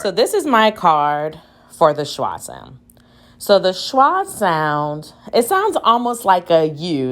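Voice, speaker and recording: A woman's voice: on the low side, a bit bright. A woman teacher giving a recorded reading lesson for children at home, patiently sounding out words aloud.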